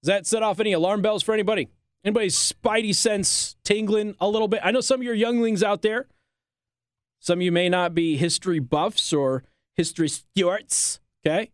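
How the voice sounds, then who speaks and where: A man's voice: sits high, brisk, no echo. A man hosting a talk radio show in a studio, delivering a sarcastic, opinionated monologue and laughing at his own jokes.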